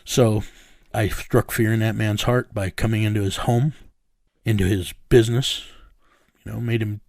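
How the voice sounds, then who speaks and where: Man, gravelly fry, blunt storyteller, interview subject. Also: on the low side, fairly even intonation, normal speed, a little mellow, no room sound, clean studio sound. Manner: blunt, matter-of-fact storytelling. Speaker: interview subject recounting events.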